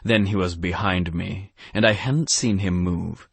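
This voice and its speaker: A man narrating a novel in the first person with a measured, low-key delivery. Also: creaky, husky, no room sound. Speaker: audiobook narrator.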